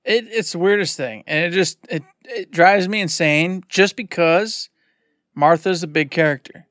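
Animated man in his forties, dry close mic. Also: sits high, unhurried, no echo. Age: 40s. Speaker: podcast co-host. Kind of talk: casual gaming podcast chat.

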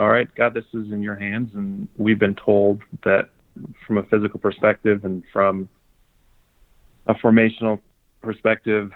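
A man's voice: on the low side, no room sound. A man guest sharing a personal story on a podcast in an earnest, thoughtful way. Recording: dry tinny phone-like sound.

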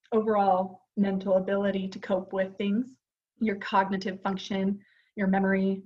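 A woman in her forties co-hosts a podcast in an easy, earnest chat, leaning on fillers as she talks. Her voice sits at an ordinary middle pitch. The recording sounds somewhat dull and lo-fi. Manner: chatty and earnest, with frequent fillers. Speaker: podcast co-host. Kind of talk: casual chat.

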